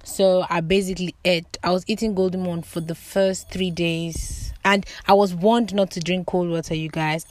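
Lively woman telling a story. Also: lowish voice, moderate pace, hardly any pauses. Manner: animated, dramatic storytelling with loud exclamations; swears casually. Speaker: vlogger. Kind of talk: casual storytime to camera.

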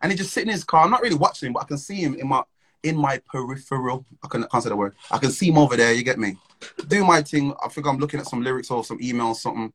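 A man's voice: mid-range voice, rapid-fire, slightly rough, low-quality recording. Slangy young man telling a story. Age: young adult. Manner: slangy, animated, laughs between phrases. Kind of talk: casual storytelling chat.

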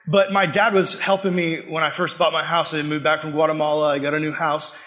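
A man preaching a sermon, telling a personal story with animated delivery and quick laughs. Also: fairly high pitch. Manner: animated, acts out quotes and laughs while telling stories.

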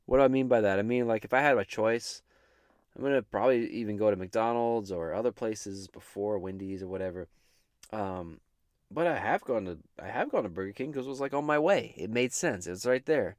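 A man's voice: fairly low pitch, fairly quick, dry recording. Guy just chatting casually, rambly and jokey, keeps restarting, dead dry room. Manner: rambling, self-interrupting, jokey. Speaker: host. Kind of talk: casual chat.

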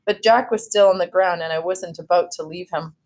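A woman reading a children's novel aloud in a steady storytelling voice, now and then correcting herself. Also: lowish voice, a little fast. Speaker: read-aloud host.

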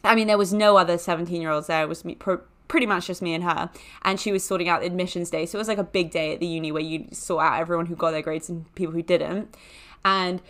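A woman's voice: fairly low pitch, fairly even intonation, fast. Rambling young Englishwoman telling a story. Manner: rambling, filler-heavy with lots of "like", self-mocking jokes. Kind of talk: casual anecdotal storytelling.

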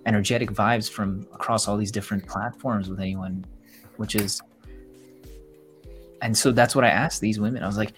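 A man's voice: fairly low pitch, steady tone, moderate pace, pauses often, fairly bright tone, faint music behind. A young man co-hosting a podcast, talking casually and reflectively, rambling and acting out what others told him. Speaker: podcast co-host. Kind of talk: casual chat.

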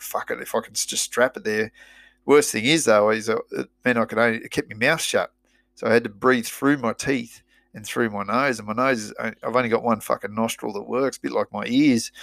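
A man's voice: medium pitch, gravelly, a bit bright, no echo. A middle-aged Australian man, a former rugby player, telling his story in a blunt, sweary, rambling way. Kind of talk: casual storytelling.

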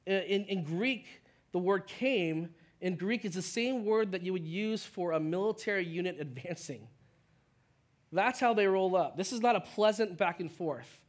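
A man preaching a sermon as pastor, conversational, acting out quick voices of the people in the story. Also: sits high, lively intonation.

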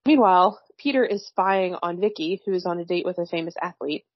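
A woman with a fairly low voice chats her way through a film plot, wry and slangy, with frequent laughter. The recording is dry and a little dull, with no room sound. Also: fairly quick, no echo. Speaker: podcast co-host recapping a film. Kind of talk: casual chat.

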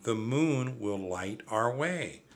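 An older man reading aloud and voicing an eager, bold little girl who talks insistently and excitedly. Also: medium pitch, slow.

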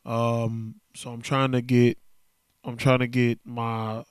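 A man alone at a podcast mic, speaking in a loose, candid, slang-heavy way and sounding worn down. His voice comes across smooth and clean. The sound is close and dry, with no room around it. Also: medium pitch, monotone, takes it slowly, no echo. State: emotional, worn down. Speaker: podcast host. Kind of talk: casual solo podcast monologue.

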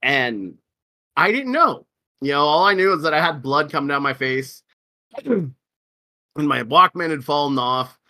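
Animated swearing man telling stories. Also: a little slow, pauses often. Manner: animated, swearing, acts out quotes in a high voice. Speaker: podcast co-host. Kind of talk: casual storytelling chat.

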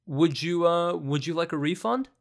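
A man's voice: a little high, normal speed, creaky, voice pushed up. A man imitating a new male call-center agent who hesitates and reads stiffly from a script. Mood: hesitant.

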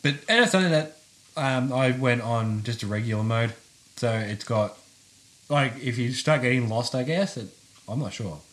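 A man's voice: medium pitch, expressive, normal speed, a bit bright. A man, co-hosting a casual podcast chat in a laid-back way, with frequent swearing and repetition. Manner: laid-back, swears freely, repeats himself. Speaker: podcast co-host.

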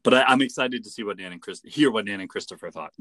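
A man's voice: fairly low pitch, quick pace, bright, forceful tone, no echo. A man co-hosting a podcast in casual chat, talking in a playful, digressive way. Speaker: podcast co-host. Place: remote recording, not with co-host.

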